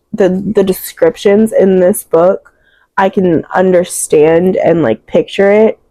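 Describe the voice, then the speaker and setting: Low, mellow-voiced young woman gushing about books. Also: no room sound, rough recording. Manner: emotional, rambling, many "like" fillers. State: close to tears. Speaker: book reviewer. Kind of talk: casual book wrap-up chat.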